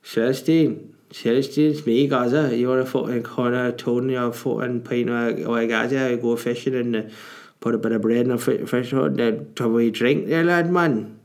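A man's voice: mid-range voice, steady tone, moderate pace, a little mellow, close to an everyday voice. A man doing a rowdy boozy footballer. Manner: rowdy, swearing, slurred invitations. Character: brash boozy male footballer, Geordie-style banter.

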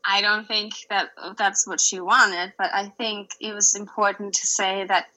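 A woman's voice: mid-range voice, flat delivery, unhurried, sharp tone, low-quality recording. A woman in her thirties, co-hosting a podcast in casual chat, earnest and hedging, with many "I mean" and "like" fillers. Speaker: podcast co-host.

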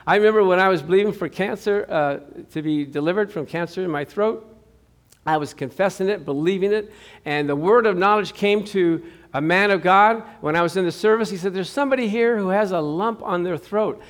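A middle-aged male pastor delivers a lively sermon in a church. His voice sits high for a man. He keeps it conversational and jokey, slipping into playful voices for the people he quotes. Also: fairly quick.

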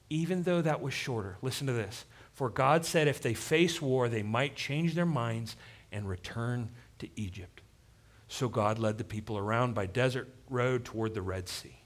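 A pastor delivers a sermon in a slightly high-pitched voice. He talks in a direct, engaged way, pushes hard on key points, then drops low and quiet to drive them home. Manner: dynamic preaching, drops to quiet emphasis.

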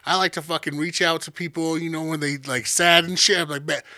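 A man trading stories with his co-host in a loose, profane, teasing way. His voice sits a bit high and sounds bright and forceful. The sound is dry and close. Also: fairly even intonation, fairly quick, dry recording. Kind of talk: casual chat, comic storytelling.

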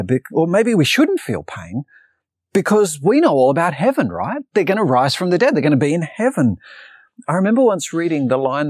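A man's voice: on the high side, darkish tone, dry recording, clean studio sound. A man preaching an earnest sermon, telling a personal story and reading Bible passages aloud. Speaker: pastor. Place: preaching to an online congregation.

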